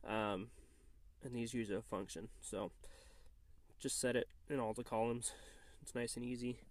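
A man with a stuffy, nasal voice from a cold casually walks through a car tuning job, hesitating with many ums and uhs. His mid-range voice is fairly even and a little slow, with no room sound.

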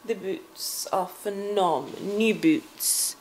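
A woman's voice: medium pitch, drawn-out words, low-quality recording. A woman vlogger chatting casually to the camera, showing off her outfit in a chatty way. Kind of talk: casual vlog talk to camera.

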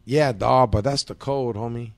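A man's voice: medium pitch, moderate pace, vocal fry, no room sound. A man hosting a podcast, telling profane, slang-heavy stories in casual chat. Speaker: podcast host.

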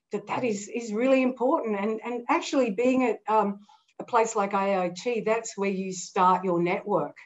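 A woman moderates a panel, handing over to guests with encouragement and praise. Her pitch sits in the middle range. The audio is dull and lo-fi. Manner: encouraging, complimentary.

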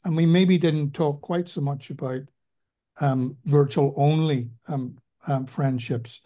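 A man's voice: a little high, fairly even intonation, slow pace, mellow. A man with an Ulster Scots accent, a participant on a video call, speaking in a hesitant, reflective way.

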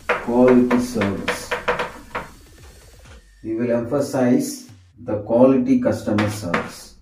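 During a grammar lesson, a man with a mid-range voice repeats every example sentence again and again, answering himself with "yes" at a slow, repetitive pace. He's far from the mic in an echoey room, and faint music plays in the background.

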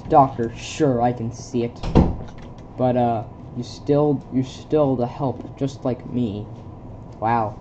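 A woman at home reading a film script aloud for laughs, stumbling over lines in a deadpan way. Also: a bass voice, slow pace, dull audio, background noise. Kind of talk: casual comedic script reading. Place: home with a pet dog.

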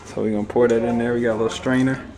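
A man's voice: mid-range voice, flat delivery, rapid-fire, a crowd in the background. Playful young man joking in his kitchen. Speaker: vlogger, expectant father. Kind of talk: casual home vlog. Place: home kitchen, indoors.

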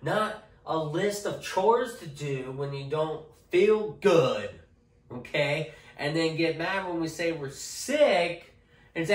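Guy vlogging at home, kinda high voice, rambles and jokes, talks slow, mic a bit far off. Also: animated. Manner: joking, rambling, says okay a lot. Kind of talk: casual talk to camera. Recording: echoey room, off-mic.

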